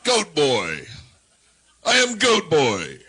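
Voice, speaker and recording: A man putting on a lustful half-goat creature who makes slow, booming, leering proclamations. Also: huge pitch swings, bright, forceful tone, breathy edge, full character voice.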